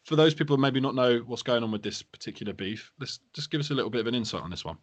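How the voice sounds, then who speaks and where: A man hosts a casual podcast chat at a middling pitch. He teases his co-hosts and jumps in to riff on their stories in a joking way. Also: racing. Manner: jokey, teasing, cuts in to riff. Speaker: podcast host.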